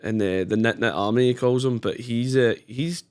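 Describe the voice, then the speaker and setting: A man with a Scottish accent, a guest chatting casually on a podcast, animated and swearing freely. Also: mid-range voice, normal speed, clear, resonant tone. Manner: animated, swearing, laughs a lot. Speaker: podcast guest, gaming content creator.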